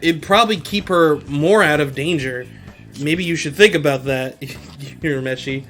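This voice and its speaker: A man voicing a loud young male tough-guy friend who talks blunt and slangy. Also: a little high, normal speed, soft background music, lightly acted.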